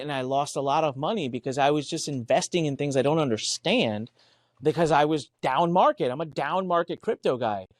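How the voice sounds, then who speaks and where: A podcast co-host with a medium-pitched male voice chats animatedly about business. He tells stories emphatically, acts out quoted dialogue, and swears casually, all in a dry, clean studio recording.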